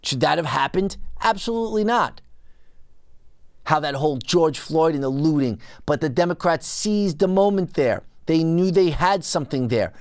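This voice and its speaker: A podcast host giving a political commentary monologue, ranting in an indignant, emphatic way with big swings in pitch. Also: animated, moderate pace, no room sound.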